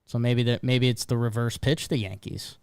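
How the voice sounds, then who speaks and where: A man's voice: mid-range voice, steady tone, darkish tone. A man co-hosting a podcast, chatting casually about baseball and teasing his co-host. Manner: teasing, quick with jokes. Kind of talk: casual sports chat.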